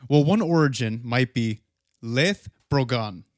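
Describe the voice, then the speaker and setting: A man's voice: mid-range voice, expressive, measured pace, dry recording, clean studio sound. A man co-hosting a podcast, chatting casually with blunt, teasing jokes. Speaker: podcast co-host.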